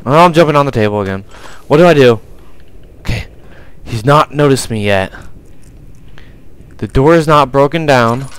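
A man's voice: medium pitch, lively intonation, normal speed, clean tone, poor audio. A young man commentating a horror game, jumpy and panicky, often crying out in fright. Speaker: gameplay commentator.

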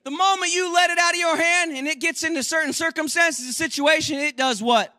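A man preaching a sermon in a church as a guest speaker, with impassioned passages that swell into shouts and quieter, quick joking asides. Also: very high-pitched.

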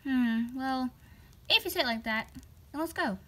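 A woman's voice: sits high, animated, normal speed, pushed and bright. A woman voicing a nervous young doll student who sighs and frets about going to detention. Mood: reluctant. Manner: anxious, sighing, worried.

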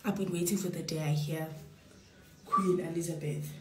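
A woman's voice: fairly low pitch, steady tone, moderate pace, noisy background. A young woman chatting on a phone livestream from her bedroom, tipsy, giggly and playful, often dropping into whispers. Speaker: social media personality. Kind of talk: casual livestream chat. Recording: echoey room.

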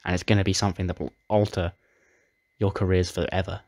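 A man voicing a female wrestling authority figure who teases a secret reward in a coaxing, secretive way, in a low voice. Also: level tone, quick pace, darkish tone, no room sound, studio quality. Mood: teasing.

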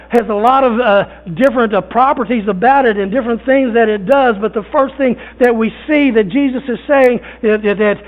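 A man preaching a sermon as pastor, in a folksy, conversational way with repeated phrases and fillers, recorded in a church. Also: very high-pitched. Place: church sanctuary. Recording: thin phone-like sound.

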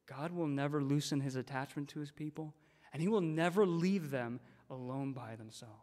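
A man with a fairly high, darkish voice preaches a sermon at a moderate pace as a guest speaker in a church sanctuary. He is emphatic, repeating phrases for stress, and the recording has long church reverb.

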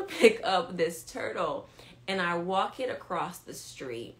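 A woman leading a live-stream devotional, telling a story to her viewers, animated and repeating key lines for emphasis. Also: lowish voice, measured pace. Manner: talks straight to viewers, asks if they follow. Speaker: women's ministry leader.

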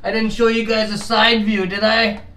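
A man's voice: high-pitched, flat delivery, moderate pace, bright, forceful tone. A man hosting a casual home vlog, swearing freely and drawling his words. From Canada. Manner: crude, swears a lot, drawls. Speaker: vlog host. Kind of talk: casual chat. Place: home, at a table. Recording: echoey room, faint noise.

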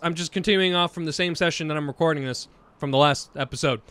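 A man's voice: fairly high pitch, brisk, clear, resonant tone, no echo. A young man hosting a casual gaming video, rambling and stammering as he chats, laughing often. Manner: excited whoops while playing. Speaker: gaming channel host. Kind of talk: casual let's-play commentary.

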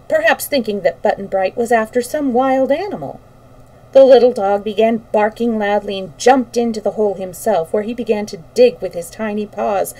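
A woman reading a children's book aloud on a livestream, relaxed, with small slips. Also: mid-range voice, recorded from a distance, poor audio. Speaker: storyteller.

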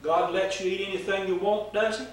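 An older man voicing a sly, smooth-talking male serpent-devil who drawls casually and then turns hushed and earnest, in an echoey room with the mic set far off. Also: high-pitched, steady tone, a little fast, slight background noise, lightly acted. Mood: friendly.

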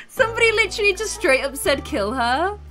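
A woman's voice: extremely high pitch, sing-song, moderate pace, pushed and bright. A woman giving playful, dramatic commentary over a video game and often breaking into laughter. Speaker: gaming video host.

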